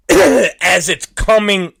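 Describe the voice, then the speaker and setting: A man in his forties hosting a talk show, telling a crude story with repeated words and sudden shouted exclamations. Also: high voice, very animated, extremely slow, gravelly, husky, no echo. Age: 40s. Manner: vulgar, repetitive, bursts into shouted exclamations. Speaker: podcast host. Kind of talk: crude comedic monologue.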